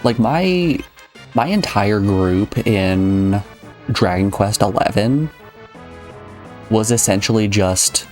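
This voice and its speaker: A low-pitched male streamer talks his way through a game in loose, rambling chat and turns often to his viewers. Faint game music plays underneath. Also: darkish tone. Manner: rambling, chatty, addresses chat. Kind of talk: casual live gameplay chat.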